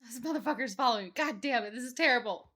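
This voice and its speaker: A woman's voice: a little high, racing, fairly bright tone. A woman streaming a role-play game as a judge, talking frantically, swearing constantly and laughing a lot.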